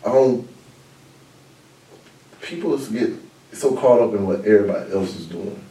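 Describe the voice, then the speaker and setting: A man hosting a podcast in casual chat, blunt and animated, talking in quick bursts. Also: fairly low pitch, far from the mic, slight background noise. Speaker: podcast host. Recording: roomy echo, mic set back.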